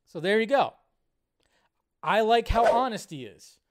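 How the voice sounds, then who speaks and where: Man, high-pitched, animated live movie-show host, casual ranter who swears and swings from loud to hushed. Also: unhurried. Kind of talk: casual live-stream rant.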